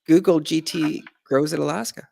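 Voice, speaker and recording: A man's voice: fairly high pitch, steady tone, moderate pace, vocal fry, dark tone, no room sound. A man in his fifties chatting on a livestream, reading out chat with many fillers. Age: 50s.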